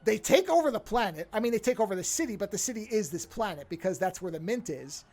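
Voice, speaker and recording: A woman with a medium pitch and a fast delivery hosts a podcast, going over a TV episode in easygoing talk. Her storytelling is animated, full of acted-out quotes and liberal swearing.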